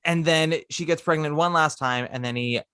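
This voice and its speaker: A man hosting a podcast, casually recounting a musical's plot with lively asides. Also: fairly high pitch, normal speed, clean tone, no echo, clean studio sound. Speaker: podcast host. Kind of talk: casual chat.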